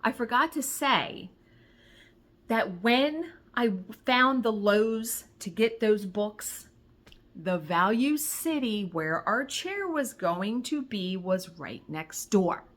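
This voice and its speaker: Woman, middle-aged, bright tone, casual vlog storytelling, animated, re-enacts conversations. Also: a little high, slow. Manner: animated, retells conversations, swears when excited. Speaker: crafting vlogger.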